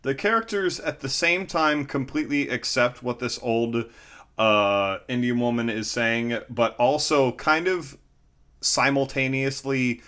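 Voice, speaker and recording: A man co-hosting a casual movie podcast, adding measured, wry commentary. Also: medium pitch, fairly bright tone, smooth. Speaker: podcast co-host. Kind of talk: casual movie review chat.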